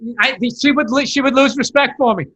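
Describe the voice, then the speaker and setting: A man's voice: very high-pitched, steady tone, fast talker, bright, forceful tone. A man co-hosting a podcast, telling stories and acting out quoted voices in casual comedic chat. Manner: storytelling, acting out voices, swearing. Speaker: podcast co-host.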